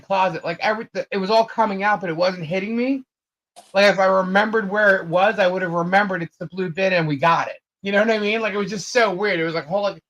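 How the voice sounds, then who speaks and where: A woman at a middle pitch, chatting loosely on a live show. She rambles through her story, circling back and repeating herself, with plenty of ums and uhs. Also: poor audio. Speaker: co-host of a live chat show. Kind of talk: casual storytelling chat.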